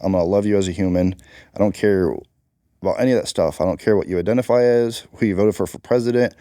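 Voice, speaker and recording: Interview guest, man, Marine combat veteran, very low and dark voice, blunt and emphatic. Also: fairly even intonation, fast, no echo, clean studio sound. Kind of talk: candid interview talk.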